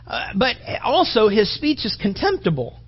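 A man's voice: high voice, wildly swooping pitch, normal speed, slightly rough. A male pastor giving a joking, rambling conversational sermon in a dull recording. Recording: dull lo-fi sound.

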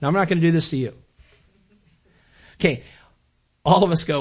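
A man's voice: high voice, moderate pace, pauses often, sharp tone. An older man preaching a sermon as a pastor, talking to the congregation in a conversational way and often repeating words while he builds a point.

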